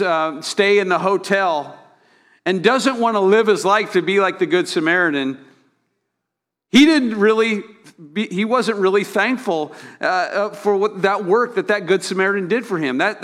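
A man preaching a sermon in an earnest, emphatic way, with sudden loud peaks and frequent restarts. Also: high-pitched. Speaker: pastor.

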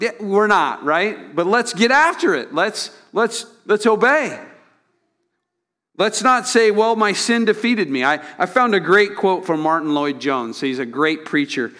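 A man preaching a sermon in an earnest, emphatic way, with sudden loud peaks and frequent restarts. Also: a little high. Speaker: pastor.

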